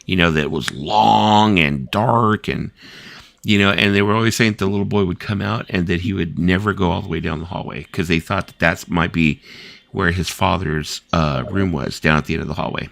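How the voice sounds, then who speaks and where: Speaking at a moderate pace, this late-night host in his fifties has a low, creaky, slightly bright voice. He rambles through filler-heavy stories full of "like" and "you know," performing the voices of anyone he quotes in his casual chat.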